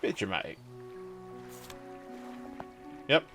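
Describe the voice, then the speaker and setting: Faint music sits behind a quick, bright, forceful male voice. He's a gaming YouTuber with a cold, rambling chattily through casual let's-play commentary and repeatedly restarting himself.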